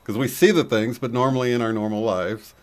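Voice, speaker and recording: A man's voice: mid-range voice, steady tone, a little fast. A man hosting a casual chat who rambles, with lots of fillers. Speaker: host.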